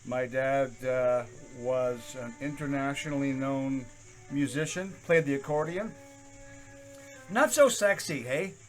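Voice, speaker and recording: Loud, rambling man hosting his channel. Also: medium pitch, takes it slowly. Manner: loud, projecting voice with frequent "uh" fillers. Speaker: YouTube channel host. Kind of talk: casual rambling monologue. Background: accordion folk music playing faintly.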